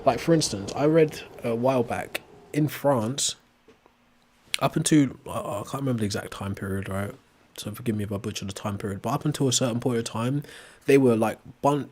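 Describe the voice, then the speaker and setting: A man's voice: lowish voice, a little mellow. Chatty English working-class man. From England. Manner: chatty, jokey, asks "right?" often. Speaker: streamer. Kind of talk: casual chat while gaming.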